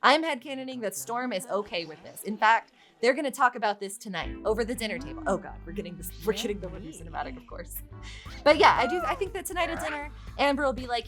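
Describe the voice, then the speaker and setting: A woman giving chatty, excitable let's play commentary on her game, swearing freely as she goes. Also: on the high side, quick pace, over music. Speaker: gaming YouTuber.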